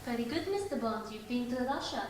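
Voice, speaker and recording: A poised, cool woman, acted by an actress, answers in a dry, composed way from a slightly high voice. The mic sits far from her in a very echoey room, with noticeable noise behind. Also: expressive, fairly quick, close to an everyday voice. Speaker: actress in an audition scene.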